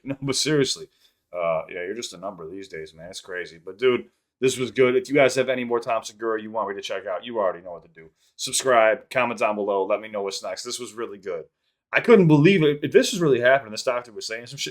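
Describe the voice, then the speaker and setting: Brief: male reaction host, mid-pitched voice, loose rambling chat full of swearing and sudden loud bursts. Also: quick pace. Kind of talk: casual chat.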